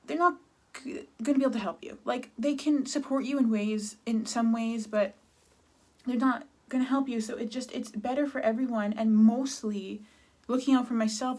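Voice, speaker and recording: A woman from Canada in her thirties, talking candidly and haltingly about her depression in a personal vlog, close to tears. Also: medium pitch, a little mellow. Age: 30s. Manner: candid, halting, many restarts and fillers. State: sad, near tears. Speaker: vlogger.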